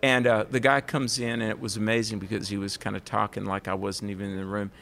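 A man's voice: fairly low pitch, flat delivery, fast, gravelly, fairly bright tone. A man with a Southern US accent hosting a radio interview, chatty and enthusiastic with a rambling way of talking. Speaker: radio show host. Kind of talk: casual interview chat.

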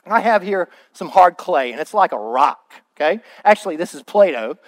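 A man's voice: high-pitched, animated, normal speed. A male pastor preaching a sermon in a church, acting out quoted excuses in a raised voice.

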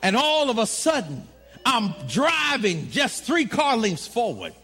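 A man preaching a sermon to a congregation, shouting and telling a story with emphasis. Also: extremely high pitch, huge pitch swings, a little slow, husky. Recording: live church crowd audible.

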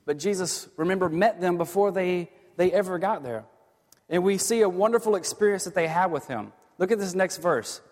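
A man preaching a sermon as a pastor, earnest, moving from hushed lines to emphatic ones. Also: high-pitched, normal speed. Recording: long hall reverb.

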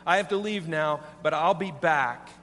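A man voicing a calm, earnest former prisoner who now preaches. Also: on the high side, normal speed, lightly acted. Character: steady middle-aged male ex-convict preacher. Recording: long hall reverb, faint hum.

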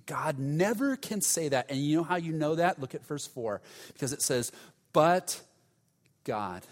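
A man's voice: on the high side, expressive, unhurried, long reverb tail. A male pastor preaching a sermon in an emphatic, conversational way, stressing key words by repeating them.

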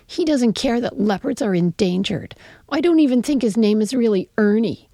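A woman's voice: on the high side, lively intonation, moderate pace, mellow, dry recording. A woman reading her own first-person story aloud in a wry, conversational way, sometimes dropping to a whisper.

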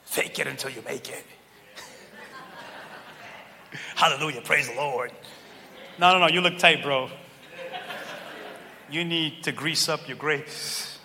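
A man preaching a sermon in a church, animated and joking, pulling the crowd in with questions. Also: fairly high pitch, takes it slowly, vocal fry, pauses often. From Cape Verdean heritage. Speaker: pastor. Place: large church hall. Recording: long church hall reverb, faint room noise.

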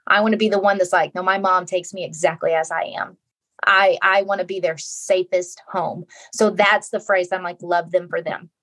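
A woman's voice: fairly low pitch, steady tone, moderate pace, a bit bright. A middle-aged woman, a guest author in a casual interview, talking earnestly and repeating phrases for emphasis.

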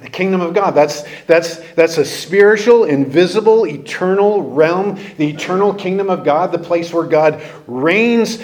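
A man preaching a sermon at an unhurried pace. His voice sits a little high, and he talks to the congregation conversationally and with animation, asking them rhetorical questions. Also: darkish tone. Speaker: pastor.

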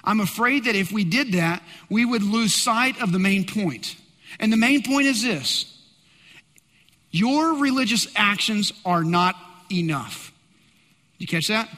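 A male pastor preaching a sermon, swinging between loud emphatic bursts and hushed asides. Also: high-pitched, animated, measured pace, in a large hall.

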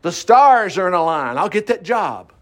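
A man's voice: high-pitched, very animated, moderate pace. A man preaching an informal Bible-teaching sermon in a folksy way, reading scripture and acting out quotes in mocking voices. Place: farm.

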